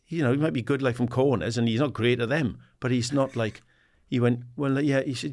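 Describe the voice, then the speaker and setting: A man in his sixties from England, a guest in an interview, telling animated stories and acting out the dialogue. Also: medium pitch, brisk. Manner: animated anecdotes, acts out quoted dialogue, laughs often; swears casually, says "mate". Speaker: guest, former footballer and assistant manager. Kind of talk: casual storytelling interview.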